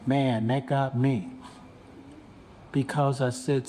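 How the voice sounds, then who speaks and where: A man in his seventies, a bishop on a panel, telling a story in an unhurried, reflective way. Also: medium pitch, mellow, slight background noise. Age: 70s. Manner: unhurried, reflective, acts out quoted voices.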